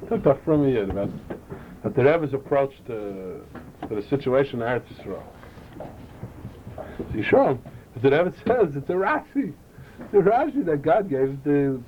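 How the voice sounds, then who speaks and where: A man teaching a Chassidic lecture, animated, often repeating and restarting his phrases. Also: fairly high pitch. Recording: dull lo-fi recording with faint noise.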